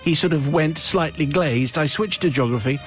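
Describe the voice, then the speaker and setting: A man's voice: on the high side, normal speed, faint music behind. A male radio host reading out a listener's confession, with wry, playful asides.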